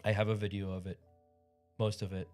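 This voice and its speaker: A man's voice: fairly low pitch, little pitch movement, brisk, a little mellow, soft background music. A man hosting a livestream in casual chat, rambling and upbeat with frequent chuckles. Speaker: livestream host.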